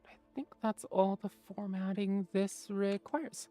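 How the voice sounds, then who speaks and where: A woman's voice: medium pitch, measured pace, dark tone, faint music behind. A woman streamer chatting casually with viewers, rambling and mumbling to herself with lots of fillers.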